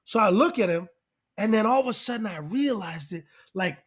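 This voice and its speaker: A man telling a long story in casual chat, excitable and rambling, acting out what people said. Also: high-pitched, normal speed, breathy edge. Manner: excitable, rambling, acts out quotes. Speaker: guest rapper and actor.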